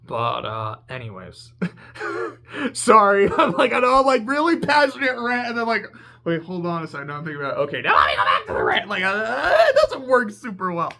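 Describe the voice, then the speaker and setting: A game reviewer ranting in a casual video essay, excitable and profane, rambling and laughing at their own tangents. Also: mid-range voice, a little fast. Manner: laughs mid-sentence and corrects itself.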